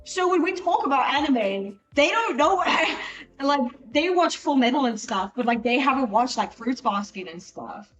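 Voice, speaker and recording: A young woman chatting casually with her stream while studying, animated, swearing freely and jumping between tangents. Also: sits high, moderate pace, distant mic, highs cut off. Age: young adult. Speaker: student streamer. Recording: voice a bit off mic, with music behind.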